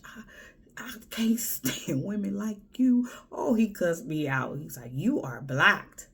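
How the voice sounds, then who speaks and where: A woman's voice: deep voice, vocal fry, darkish tone, breathy edge. A woman from Houston, giving blunt, sassy advice in a casual monologue and often dropping to a whisper. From Houston, Texas. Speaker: vlogger.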